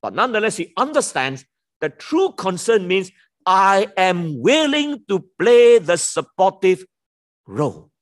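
A man's voice: sits high, a little slow. A man preaching a sermon, repeating key words and leaning hard on them, with a self-deprecating touch. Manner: lively, emphatic pulpit delivery with sudden drops on key words.

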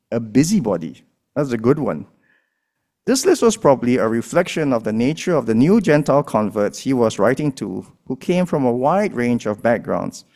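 A man's voice: mid-range voice, darkish tone. A man preaching a sermon, with emphatic rises and drops in his delivery. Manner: emphatic preaching with rising and falling dynamics. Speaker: pastor.

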